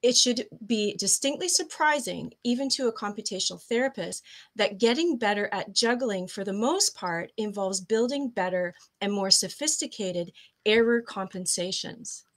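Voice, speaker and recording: Woman coach, mid-pitch, chatty guest who explains at length, stumbles over her words and laughs it off. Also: lively intonation, normal speed, fairly bright tone. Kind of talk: casual interview conversation.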